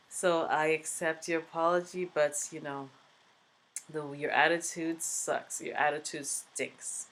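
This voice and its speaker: A woman vlogger telling a story in a casual, emphatic way, repeating phrases for stress. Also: low voice.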